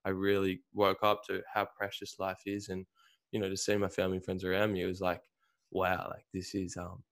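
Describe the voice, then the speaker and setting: A man's voice: low-pitched, monotone, a little fast, a bit bright. A young man hosting a podcast, talking in a laid-back, casual way full of "man" and "you know". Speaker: podcast host. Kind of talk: casual chat.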